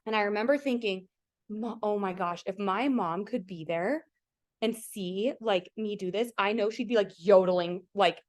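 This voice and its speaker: A woman with a medium-pitched voice speaks at a moderate pace while hosting a video coaching call. She tells an emotional personal story in an earnest, chatty way, saying "like" constantly and putting questions straight to her listeners.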